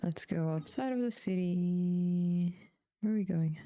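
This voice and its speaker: Mellow-voiced woman streamer. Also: fairly low pitch, measured pace, clean tone, no room sound. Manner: chatty, mumbling asides, swears. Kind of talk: casual gameplay commentary.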